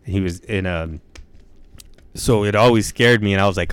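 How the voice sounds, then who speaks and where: A young man in a relaxed chat who swears freely and keeps dropping dude and bro. His voice sits low and smooth, and the sound is close and dry. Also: normal speed, no echo. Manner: laid-back, swears a lot, says dude and bro. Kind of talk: casual storytelling chat.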